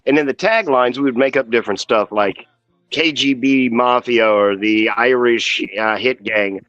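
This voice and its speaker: A man guesting on a casual livestream chat, telling relaxed anecdotes. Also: medium pitch, moderate pace, no room sound, muffled recording.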